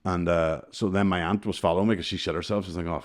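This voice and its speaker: A young man co-hosting a casual podcast chat, sweary and quick to laugh as he tells stories. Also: low-pitched, fairly even intonation. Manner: sweary, storytelling, laughs often. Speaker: podcast co-host.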